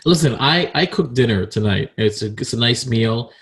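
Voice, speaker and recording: Gravelly joking podcast man. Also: mid-range voice, moderate pace. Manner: joking, excitable, blunt. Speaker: podcast co-host. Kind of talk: casual chat.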